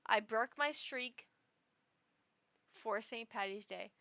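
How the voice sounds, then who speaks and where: A tipsy woman with a high, bright voice rambles through a casual reaction, stumbling and restarting as her feelings spill out. She talks slowly, and the dry sound puts her right up close to the mic. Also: gravelly, no echo. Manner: rambling and emotional, with many restarts. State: tipsy after two shots. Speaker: streamer reading online posts.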